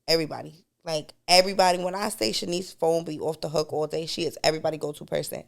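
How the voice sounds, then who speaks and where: A woman's voice: low-pitched, steady tone, quick pace, creaky. A woman co-hosting a podcast, telling stories in casual chat and breaking into laughter. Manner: storytelling, bursts into laughter. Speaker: podcast co-host.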